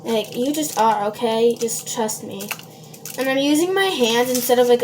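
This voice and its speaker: A woman's voice: on the high side, moderate pace, noisy background. A woman from Minnesota, chatting casually to viewers while she bakes in her home kitchen, rambling and full of fillers. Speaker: home baker vlogger. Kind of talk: casual baking vlog. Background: dishes and cutlery clatter.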